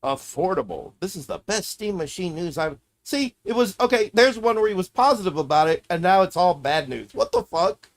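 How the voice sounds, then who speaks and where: A man's voice: sits high, lively intonation, a little fast, hardly any pauses. A man streaming live, talking to himself as he browses videos, swearing and ranting in a casual, irritated way. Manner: profane, ranting, muttering to himself while browsing.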